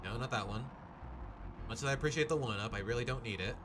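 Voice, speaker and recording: A man's voice: medium pitch, fast talker, background noise. A man streaming a game live, joking around and chatting to his viewers as he plays. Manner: animated, jokey, chats to viewers. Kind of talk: live gameplay commentary. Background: game music.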